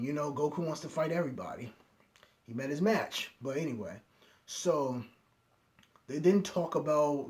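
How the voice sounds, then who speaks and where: A young man casually recapping an anime episode scene by scene, acting out each character's lines in quick quoted bits. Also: mid-range voice, darkish tone. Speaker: anime reviewer.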